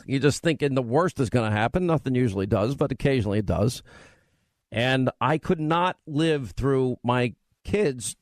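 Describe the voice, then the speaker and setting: A man's voice: mid-range voice, dry recording. A man hosting a radio talk show, rambling and teasing in casual on-air banter.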